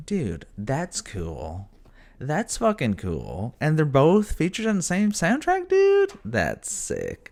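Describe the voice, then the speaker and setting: A man's voice: on the high side, wildly swooping pitch, slow, vocal fry, a little mellow. A man rambling casually about a video game, swearing freely and breaking off to scold his cats. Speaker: gaming vlogger. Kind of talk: casual rambling chat to camera.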